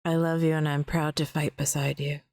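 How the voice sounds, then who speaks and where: A devoted rogue, voiced by a woman, making tender, heartfelt declarations. Her voice sits low for a woman and sounds dry and close to the mic. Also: flat delivery, a little fast, creaky, a little mellow, no room sound.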